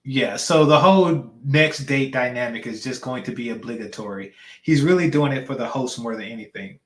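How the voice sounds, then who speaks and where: A man's voice: medium pitch, moderate pace, echoey room. A man hosting a reaction channel, giving blunt, slangy commentary on a clip.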